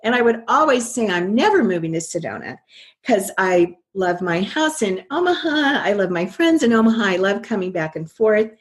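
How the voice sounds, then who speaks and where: A woman's voice: mid-range voice, lively intonation, moderate pace, few pauses. An older woman, a guest in an interview, telling her story earnestly and quoting her own past thoughts.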